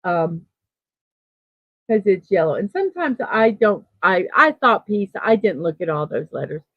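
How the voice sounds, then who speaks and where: A woman's voice: mid-range voice, big pitch swings, a little slow, no echo. A woman hosting a daily morning livestream, chatting casually and reading out viewer comments, upbeat and full of fillers. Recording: tinny phone-like sound, dry.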